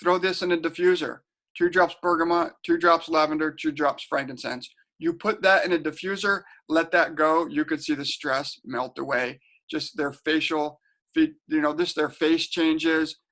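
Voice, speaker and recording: Man, middle-aged, slightly high voice, casual webinar presenter, rambling storyteller. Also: fairly even intonation, moderate pace, fairly bright tone. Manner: chatty, storytelling, repeats and restarts words. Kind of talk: casual teaching talk. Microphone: home webinar setup.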